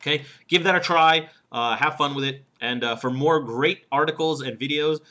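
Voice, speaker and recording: A professional speaker and humorist gives an instructional talk on delivery, hitting single key words hard to demonstrate and checking in with the listener by asking "okay?". His voice is a little high, bright and forceful. He speaks at a normal pace in a conversational, emphatic way.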